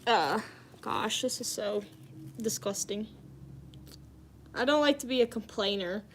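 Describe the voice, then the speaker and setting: A young woman with a fairly high voice talks casually to her live-stream viewers. She rambles from thought to thought and breaks into frequent giggles as she chats. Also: unhurried, long pauses. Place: at home indoors.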